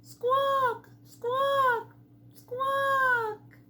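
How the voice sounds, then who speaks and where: A woman voicing a lonely young male pheasant in a storybook reading, squawking high and asking wistfully for a friend. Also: lively intonation, slow, heavy background noise, exaggerated voice. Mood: pleading.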